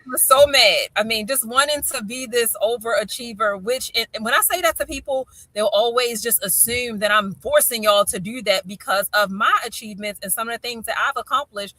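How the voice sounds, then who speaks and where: A middle-aged woman with a Baltimore accent, hosting a casual chat and telling stories with lively acted-out quotes. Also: a little high, brisk, no room sound. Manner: animated storyteller, acts out quotes. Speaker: podcast host.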